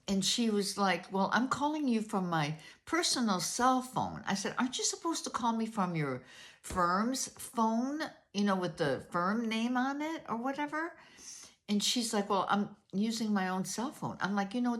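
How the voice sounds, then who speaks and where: An older woman vlogger casually telling a story, retelling a phone conversation and quoting each side in turn. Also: mid-range voice.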